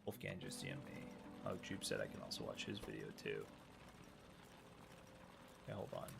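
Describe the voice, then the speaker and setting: A man's voice: extremely low pitch, sing-song, normal speed, vocal fry, over loud music. A man hosting a live stream, chatting casually and teasing his co-host and viewers. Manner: teasing, joking, talks to chat.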